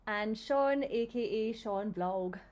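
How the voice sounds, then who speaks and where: Podcast host: Scottish woman, slightly high voice, chatty and giggly. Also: slow pace, darkish tone. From Scotland. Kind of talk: casual chat.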